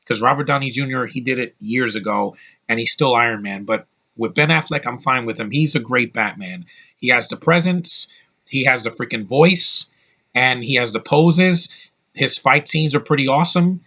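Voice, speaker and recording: A man's voice: mid-range voice, normal speed, bright, forceful tone. A man giving a casual spoken movie review, enthusiastic and blunt, rambling with restarts and the odd swear word.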